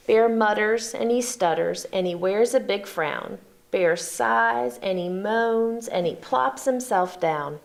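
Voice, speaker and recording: A woman reading a children's picture book aloud at a slow, unhurried pace. Her voice is very lively and full of movement, and she invites her young listeners to chime in. It sounds like a read-aloud volunteer at work. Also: mid-range voice, creaky.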